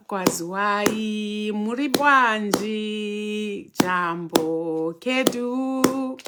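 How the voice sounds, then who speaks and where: A woman's voice: mid-range voice, background noise. A woman casually hosting a livestream, greeting viewers one by one by name and mixing in Zulu and Xhosa. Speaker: spiritual teacher hosting a livestream.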